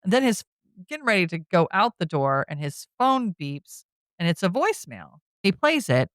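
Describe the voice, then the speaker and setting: A woman's voice: fairly low pitch, big pitch swings, normal speed, a bit bright, dry recording. A woman hosting a podcast, casually retelling a horror film scene by scene, with chatty storytelling. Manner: chatty storytelling, with frequent "you know" and "like". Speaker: podcast host. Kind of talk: casual movie recap.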